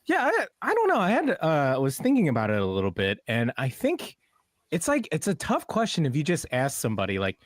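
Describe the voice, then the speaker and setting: A man contributing from a studio, talking in a relaxed, hesitant way with many fillers. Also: mid-range voice, fairly quick, dry recording. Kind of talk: casual radio chat.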